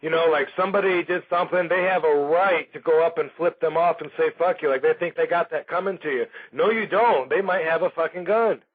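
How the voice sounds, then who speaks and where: Man, radio host, rambling profane storyteller, husky voice, tinny phone-like sound. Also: fairly high pitch, brisk, hardly any pauses. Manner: rambling, profane, laughs through his story. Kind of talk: casual storytelling on a talk radio show.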